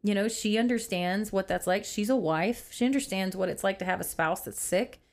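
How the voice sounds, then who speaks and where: A woman's voice: medium pitch, moderate pace. A woman co-hosting a faith podcast in casual chat, speaking in a heartfelt, emotional and earnest way. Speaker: podcast co-host. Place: office used for recording podcasts.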